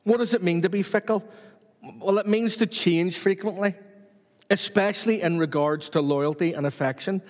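A man's voice: high-pitched, normal speed, in a large hall. A man preaching a sermon to his church with repetitive, rhythmic emphasis.

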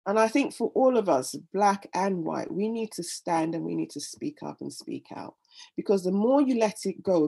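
With vocal fry, a dark tone, and a breathy edge, this middle-aged woman speaks in a lowish voice. She's an interview guest telling her own story in a heartfelt, earnest manner, often repeating words while gathering her thoughts, in a candid personal interview.

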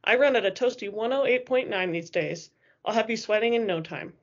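A woman's voice: fairly high pitch, brisk, highs cut off, lightly acted. A woman playing a cocky, teasing young shapeshifter.

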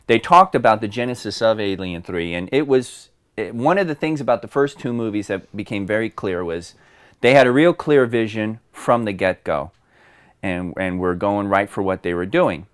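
A man on a podcast describing something in an earnest, halting way, with many fillers. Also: on the low side, expressive, smooth. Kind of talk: casual podcast chat.

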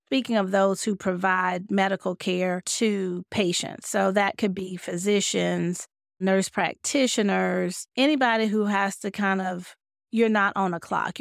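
Woman doctor, mid-pitched, candid and animated, dry booth-like sound. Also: no room sound. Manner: candid, animated, acts out quoted thoughts. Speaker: physician speaker. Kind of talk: conversational talk on burnout.

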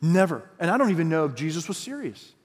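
A man preaching a sermon as pastor, lively and conversational, acting out quoted voices. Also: on the high side, quick pace, breathy edge, big-room sound. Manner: animated, acts out quotes in voices.

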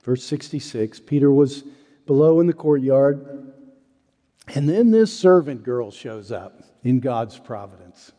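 This pastor earnestly tells a story in his sermon, his voice climbing high and loud on quoted denials, then sinking low and soft at solemn moments. His intonation is lively and his pace measured, and the sound carries the feel of a large hall.

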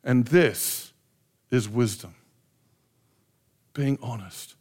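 A middle-aged pastor preaching a sermon with passion, acting out heartfelt prayers in changing voices. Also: male voice, mid-range voice, very slow, darkish tone, husky. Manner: impassioned, acts out prayers in shifting voices.

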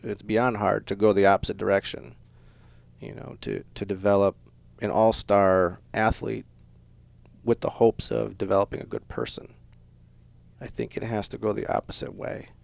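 A man's voice: fairly low pitch, flat delivery, normal speed, creaky, darkish tone, dry recording. A man who coaches youth sports and teaches, answering a podcast host's questions earnestly. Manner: earnest, agreeable, laughs easily. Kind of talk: casual interview chat.

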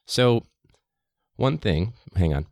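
Man, podcast host, teacher, casual rambling chat, very deep voice, dry sound. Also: lively intonation, slow pace, gravelly, darkish tone, dry recording. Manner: chatty, rambling, many fillers.

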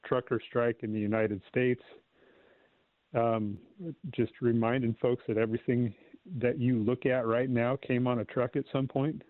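A man's voice: medium pitch, dry recording. A man calling in to a radio show, rambling and wry, with lots of fillers and restarts. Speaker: caller. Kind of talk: call-in radio talk. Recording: dry, tinny phone line.

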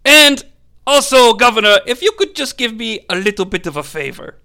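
A man voicing a scheming, obsequious high priest who hesitates and flatters. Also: moderate pace, full character voice. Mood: wheedling. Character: fawning scheming high priest, male, middle-aged.

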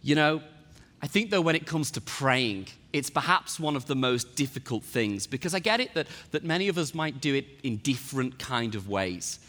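Tearful pastor giving a testimony. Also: male voice, lively intonation, normal speed, fairly bright tone. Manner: emotional, voice rising high and tearful. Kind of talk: personal testimony sermon. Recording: long reverb with faint music.

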